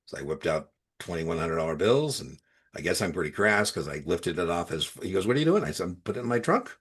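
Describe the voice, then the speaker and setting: A deep-voiced man with a husky edge leads an exam tutoring session. He talks casually and spins personal stories to explain the material, often dropping his volume for offhand remarks. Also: animated, fast talker. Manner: storytelling, conversational, drops to quiet asides.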